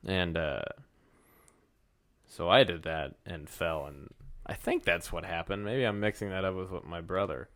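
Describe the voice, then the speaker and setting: Deep gravelly young man, rambling. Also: a little slow, a bit bright. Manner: rambling, jokey, laughs often. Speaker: podcast co-host. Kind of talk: casual chat.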